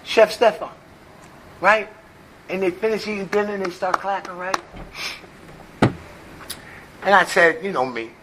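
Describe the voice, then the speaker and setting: A man sharing his recovery story at a meeting, telling it as a lively tale and checking in with "right?" as he goes. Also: sits high, normal speed, pauses often, background noise. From United States. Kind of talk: personal testimony with jokes.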